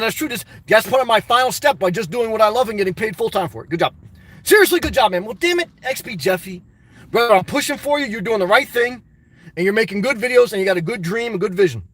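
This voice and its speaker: A man live-streaming a casual vlog, reading comments aloud and answering them in an animated, repetitive, exclamatory way. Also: high voice. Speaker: YouTube vlogger answering live chat.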